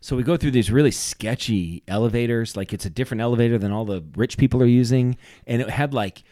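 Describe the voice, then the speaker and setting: In a fast, mid-range voice, this co-host tells a story during a casual podcast chat, bringing it to life by performing the quoted voices of the people in it. It's clean studio audio with no room sound.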